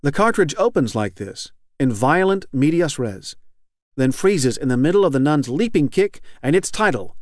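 A man reading literary fiction aloud as an audiobook narrator, measured and even. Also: fairly high pitch, no echo, clean studio sound. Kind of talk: scripted narration.

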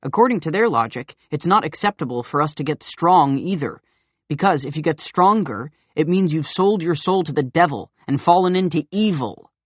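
A man's voice: on the high side, lively intonation, normal speed, dry recording. A man playing a skeptical, argumentative young questioner. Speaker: questioning student in a dialogue. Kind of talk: audiobook dialogue reading.

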